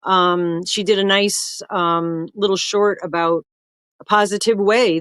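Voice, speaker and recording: A woman's voice: lowish voice, clean tone, no room sound, studio quality. Chatty older woman hosting a livestream. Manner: chatty, greets viewers by name, rambling. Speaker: livestream host. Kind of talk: casual livestream chat.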